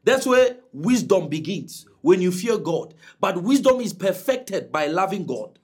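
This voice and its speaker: Man preaching, high voice, husky, swoops way up and down. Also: sing-song, measured pace. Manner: emphatic preaching with dramatic pitch swings. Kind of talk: sermon.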